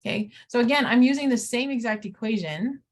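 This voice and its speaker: A woman's voice: on the high side, brisk. A middle-aged woman teaching math in a recorded lesson, talking students through each step with playful asides.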